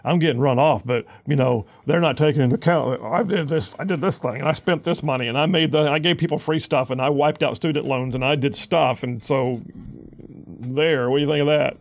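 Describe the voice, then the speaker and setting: A man's voice: a little high, brisk, gravelly. A man mimicking a whiny, aggrieved old politician. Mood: defensive. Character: tired, aggrieved elderly male politician.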